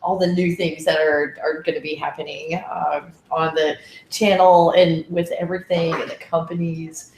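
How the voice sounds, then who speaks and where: A woman's voice: low voice, flat delivery, moderate pace, darkish tone, echoey room, slight background noise. A woman chatting as a guest on a show, telling stories with lots of laughter and acting out the voices of others. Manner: laughing storyteller, acts out voices. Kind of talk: casual chat.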